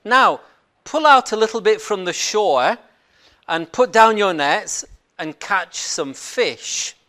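Brief: preacher playing a calm male teacher, clear instructions, slow delivery. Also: medium pitch. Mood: instructing.

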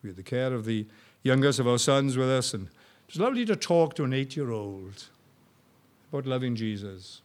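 An older man preaching a sermon, shifting between soft, slow storytelling and loud, rising appeals to the congregation. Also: medium pitch, lively intonation.

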